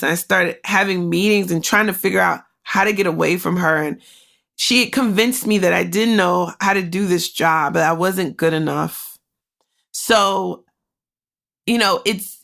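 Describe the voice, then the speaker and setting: Candid woman host with a gravelly voice. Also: on the low side, fairly bright tone. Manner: candid and emotional, talks straight to listeners; conversational, with many "like" fillers. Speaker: podcast host. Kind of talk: personal storytelling.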